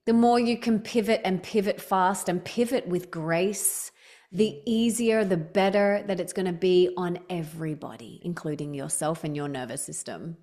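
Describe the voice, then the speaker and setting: A woman's voice: fairly low pitch, warm tone. A woman in her thirties, a podcast guest telling stories in casual chat, with many restarts and fillers. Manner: chatty storytelling, quick restarts, lots of "like".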